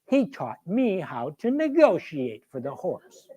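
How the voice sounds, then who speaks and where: A man's voice: a little high, wildly swooping pitch, a little slow, dark tone, husky, no room sound, muffled recording, exaggerated voice. An actor playing an older Civil War general who recounts his youth in a wry, folksy, self-deprecating stage monologue. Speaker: performer of a one-man historical show.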